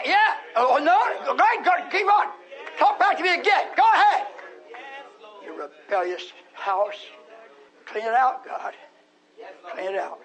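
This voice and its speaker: A man preaching a sermon to his congregation, scolding them and now and then rising to a shout. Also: high-pitched, poor audio. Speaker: pastor.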